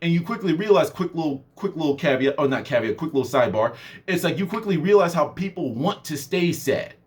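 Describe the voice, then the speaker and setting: Brisk and animated, a man with a fairly high voice rambles casually in a motivational vlog. As a mentor, he laughs frequently and acts out the folks he quotes.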